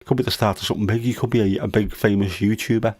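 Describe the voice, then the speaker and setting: Teasing low-voiced dad. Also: male voice, steady tone, quick pace, a little mellow, no room sound. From United Kingdom. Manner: teasing, jokey dad humor. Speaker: livestream host. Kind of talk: casual livestream chat.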